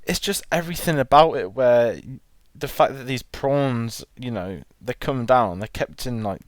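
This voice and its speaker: A man's voice: medium pitch, expressive, moderate pace, no echo. A man co-hosting a film podcast, chatting enthusiastically and rambling with restarts. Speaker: podcast co-host. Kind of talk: casual film chat.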